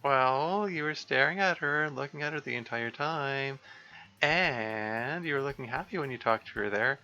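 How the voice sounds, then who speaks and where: A man voicing a cheerful, caring teenage schoolgirl in a high, sing-song voice while reading a visual novel aloud. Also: moderate pace, pushed and bright, dull audio, soft background music, lightly acted. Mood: curious.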